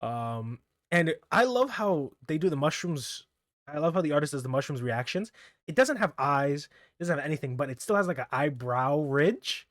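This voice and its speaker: A man's voice: a little high, expressive, normal speed, a bit bright, dry recording, studio quality. A man casually recapping manga chapters as a reviewer, rambling, correcting himself often and chuckling as he goes.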